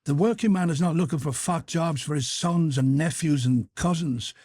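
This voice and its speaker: A man's voice: fairly high pitch, normal speed, darkish tone, no echo, clean studio sound, voice pushed up, natural voice. A man voicing a bitter, defiant working-class man who talks emphatically in an audiobook. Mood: indignant.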